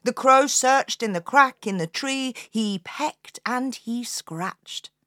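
A woman hosting a storytelling podcast, telling a folk tale to children in an expressive, inviting way. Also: on the high side, takes it slowly, no room sound, clean studio sound. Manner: expressive, inviting the listener to join in.

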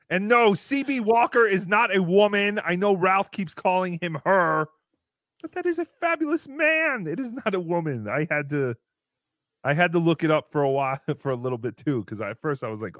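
Gushing, lively podcast host. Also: mid-range voice, normal speed, no room sound, clean studio sound. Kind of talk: casual podcast chat.

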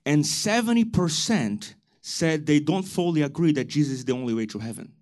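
A man preaching a church sermon, building to loud, emphatic calls to the congregation. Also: on the high side, animated, fairly quick. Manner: preaching with rising shouted emphasis and call-and-response. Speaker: pastor.

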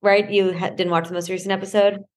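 A woman's voice: medium pitch, little pitch movement, a little mellow. Chatty woman retelling reality TV scenes. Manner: quick, laughing, retells scenes with quoted voices. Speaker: podcast co-host. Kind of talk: casual chat.

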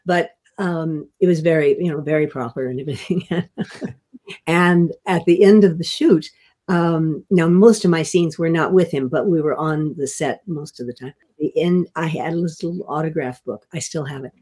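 An older woman, a veteran actress, telling stories in an interview, halting and restarting often as she chuckles. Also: sits low, mellow, husky. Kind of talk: interview storytelling.

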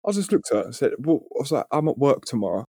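Animated man, thirties, dry close sound. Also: medium pitch, very fast, slightly rough, no room sound. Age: 30s. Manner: animated, swears freely, acts out quoted voices. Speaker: podcast co-host. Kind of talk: casual storytelling chat.

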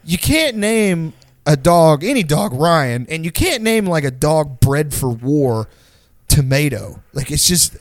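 Young guy cussing his way thru a story, super lively up and down voice, dead dry sound. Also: on the high side, a little slow, no echo. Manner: rambling, profane storytelling with lots of "like". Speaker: podcast co-host. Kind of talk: casual chat.

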